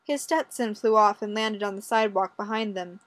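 A woman reading fiction aloud in an even, steady storytelling voice. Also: medium pitch, moderate pace. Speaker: narrator.

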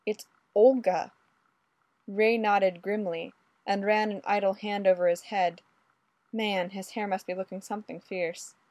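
Brief: female audiobook narrator, steady and measured, mid pitch, dry close mic. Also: no room sound. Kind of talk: audiobook reading of adult fiction.

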